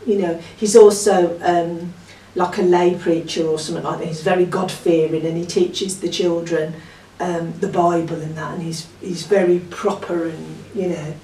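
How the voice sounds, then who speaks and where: A woman's voice: on the low side, fairly even intonation, moderate pace, hardly any pauses, warm tone. A woman born in Yorkshire chatting casually as a book reviewer, rambling with lots of ums and small laughs. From Yorkshire, England. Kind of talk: casual chat. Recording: echoey room, far from the mic, faint noise.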